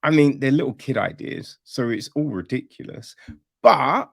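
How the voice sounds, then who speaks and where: A man's voice: fairly high pitch, no echo, studio quality. A man reviewing a film on a podcast in a casual, sarcastic rant, swearing freely and rambling with restarts. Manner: rambling with restarts and "you know what I mean".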